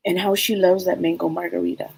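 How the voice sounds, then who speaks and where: A woman giving a live spirit reading as a psychic medium, rambling and halting with many fillers. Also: on the low side, level tone, vocal fry, darkish tone, slightly rough, dry recording, low-quality recording.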